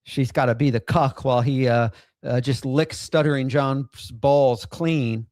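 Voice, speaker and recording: Reading chat and reacting to a clip on his livestream, a middle-aged man currently in outpatient rehab rants heatedly, swearing and breaking into laughter. He speaks at a measured pace in a mid-range, slightly mellow voice with fairly even intonation, and the studio-quality audio has no echo.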